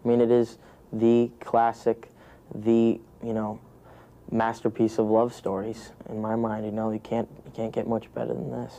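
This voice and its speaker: A man's voice: fairly low pitch, monotone, moderate pace, vocal fry, mellow. A young American man, an actor, talking through an interview with many restarts and "you know" fillers. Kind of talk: press junket interview.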